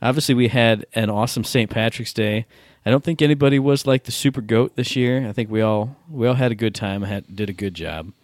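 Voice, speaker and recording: A man's voice: medium pitch, brisk, no echo, clean studio sound. A man co-hosting a podcast over a Skype call, talking casually in a laid-back, rambling, self-deprecating way. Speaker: podcast co-host. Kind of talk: casual chat.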